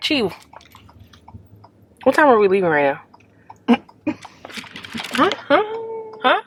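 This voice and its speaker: A woman's voice: on the high side, very animated, takes it slowly, background noise. A young woman chatting casually to camera in a vlog, rambling and laughing often. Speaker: beauty vlogger.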